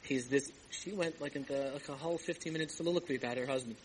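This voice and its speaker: Man, rabbi telling a story, animated, fairly high voice, old tape with faint hiss. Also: racing, rough recording. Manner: animated storyteller, acts out dialogue, Yiddish-laced asides. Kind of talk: storytelling sermon. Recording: archival tape with faint background ambience.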